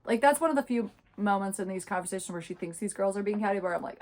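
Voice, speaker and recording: A woman's voice: medium pitch, animated, quick pace, darkish tone. A young woman in her twenties, chatting casually and sarcastically while reviewing a book. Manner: chatty, sarcastic, many fillers. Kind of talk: casual chat.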